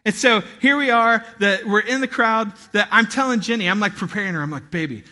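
A man in his thirties preaching a sermon, telling a lively story with acted-out shouts and laughter. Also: high voice, brisk. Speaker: pastor.

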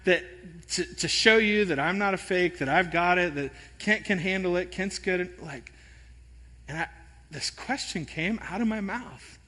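A man preaching a sermon in an animated, self-deprecating storytelling manner. His voice sits high and sounds bright. The sound carries a long reverb, as in a large church sanctuary. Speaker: pastor.

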